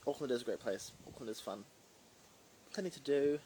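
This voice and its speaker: A young drag performer answers fan questions on a livestream, reading live comments and chatting casually with many fillers and asides that ramble. His voice is medium-pitched, brisk, and dark-toned with lively intonation, and the poor audio carries a little hiss or hum.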